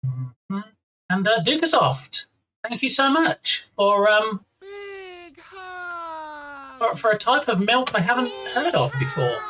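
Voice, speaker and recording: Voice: mid-range voice, sing-song, slow, pauses often, sharp tone, slight background noise. A live-stream host chatting casually and playfully, reading out viewer names and thanking them one by one. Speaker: livestream host.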